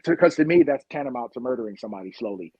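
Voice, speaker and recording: A man's voice: medium pitch, animated, very fast, slightly rough, no room sound, highs cut off. A man from Long Beach, a police officer guest on a podcast, telling street stories in a blunt, impassioned way. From Long Beach, California. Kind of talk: podcast interview storytelling.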